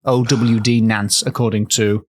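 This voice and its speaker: A man's voice: lowish voice, little pitch movement, a little slow, no room sound. Dry-voiced man spinning a rambling folk tale. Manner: rambling, self-correcting, playful. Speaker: podcast host, storyteller. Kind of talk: comedic folklore storytelling.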